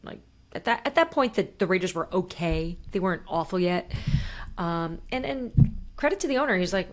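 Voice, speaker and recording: A woman's voice: lowish voice, animated, moderate pace, slight background noise. A woman co-hosting a casual sports podcast, reading listener questions aloud and chatting with asides.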